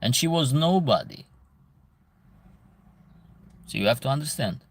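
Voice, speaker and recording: A man's voice: mid-range voice, very animated, unhurried, gravelly, breathy edge. Emphatic man with an Albanian accent. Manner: emphatic, repeats phrases for stress. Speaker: host answering viewer comments. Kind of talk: casual live commentary.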